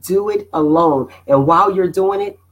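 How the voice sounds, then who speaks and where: Lively motivational woman host. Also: lowish voice, moderate pace, poor audio. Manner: animated, preachy, addresses viewers by name. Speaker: host of a motivational live stream. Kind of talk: casual motivational talk.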